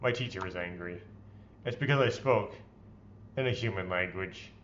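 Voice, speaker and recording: A man's voice: low-pitched, moderate pace, noisy background. Man reading game text, dull lo-fi. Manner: expressive, playfully theatrical reading. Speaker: let's play host. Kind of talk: reading visual novel text aloud with commentary.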